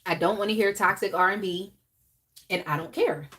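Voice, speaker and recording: A young adult woman hosting a live tarot reading, talking in a casual, animated way with laughs and chatty asides. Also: mid-range voice, moderate pace, background noise. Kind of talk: casual live-stream chat.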